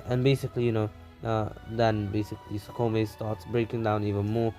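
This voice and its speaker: A man's voice: lowish voice, little pitch movement, brisk, warm tone, soft background music. A man casually narrating a fan story, rambling with many fillers.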